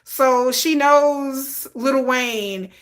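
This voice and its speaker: Chatty woman with a slightly high voice. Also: extremely slow. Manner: chatty, rambling, with frequent restarts. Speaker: live stream host. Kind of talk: casual storytelling about her fan fiction.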